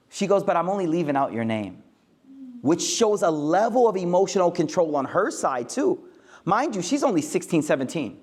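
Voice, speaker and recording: An Islamic speaker gives a casual, joking religious talk to a live audience, using street slang and acting out quoted lines. His voice is high-pitched and sing-song, at a normal speed.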